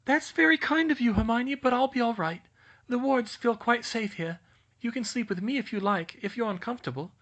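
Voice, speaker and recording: A man's voice: very high-pitched, fairly quick, fairly bright tone, dull audio, pitched above the performer's own voice. A man voicing a dreamy, serene schoolgirl witch with an airy manner.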